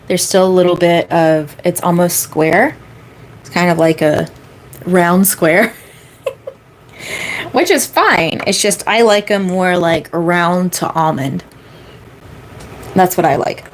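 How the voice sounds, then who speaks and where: A woman's voice: on the low side, slow pace, pauses often, slight background noise. A woman in her thirties, a manifestation coach chatting casually on a live-stream Q&A, rambling with lots of fillers and repeating key phrases for emphasis.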